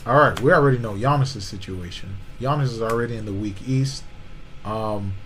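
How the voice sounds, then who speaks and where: A man's voice: fairly low pitch, moderate pace, a bit bright, low-quality recording. A man co-hosting a podcast, arguing about basketball in casual slang and often saying "you know what I'm saying". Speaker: podcast co-host. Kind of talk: casual sports debate.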